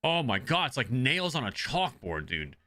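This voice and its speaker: Male game streamer, bright forceful voice, blunt, swears a lot, rambling casual chat. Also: medium pitch, big pitch swings, normal speed. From Northeastern US.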